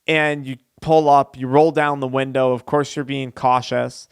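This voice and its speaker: A man's voice: mid-range voice, flat delivery, unhurried, vocal fry, clear, resonant tone, no room sound, clean studio sound. A man, an addiction recovery coach, telling a story in an earnest, conversational vlog.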